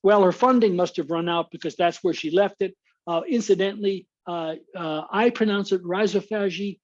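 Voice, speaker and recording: A man's voice: sits high, normal speed, highs cut off. An American man giving a webinar lecture as a guest speaker, explaining slides with frequent uhs and restarts.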